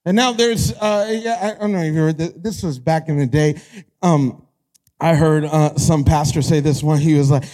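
A young pastor preaching with a high, bright voice for a man. He talks animated and lively, rising into shouted peaks and acting out little quoted voices. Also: normal speed. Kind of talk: energetic sermon.

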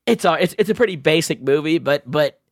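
Playful podcast host, higher-voiced, dry close mic. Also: male voice, animated, fairly quick, no room sound. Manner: playful, teasing, laughs often. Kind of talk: casual chat.

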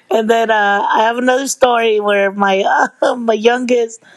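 A middle-aged woman telling stories to her viewers in a casual, lively way, laughing and swearing freely. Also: fairly high pitch, no room sound. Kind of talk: casual storytelling.

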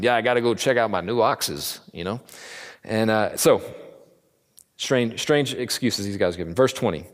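A man teaching a Bible class in a casual, conversational way, joking and briefly acting out the people in the story. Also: lowish voice. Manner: conversational, jokey, acts out the characters in quick asides. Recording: long reverb of a large hall.

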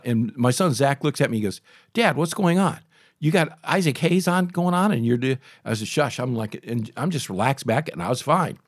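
A man in his sixties hosting a talk show, telling a story in a chatty, animated way full of restarts and asides. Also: on the high side, dry recording, studio quality. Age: 60s. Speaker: radio talk show host. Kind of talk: casual storytelling monologue.

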